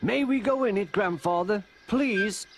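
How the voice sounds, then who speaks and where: A man voicing an eager little girl who talks in an excited, pleading way. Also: sits high, unhurried, noisy background, pitched above the performer's own voice.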